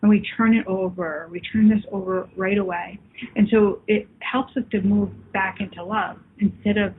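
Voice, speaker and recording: A woman hosting a spiritual call-in show, chatting warmly with callers and viewers and calling them love. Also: mid-range voice, gravelly, a little hiss or hum. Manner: warm, affectionate, calls people love. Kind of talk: live call-in talk with viewers. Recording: phone-like lo-fi line.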